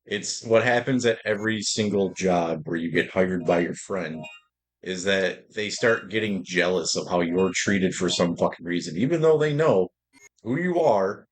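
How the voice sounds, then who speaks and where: Profane, rambling young man streaming. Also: lowish voice. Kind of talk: casual livestream chat while gaming.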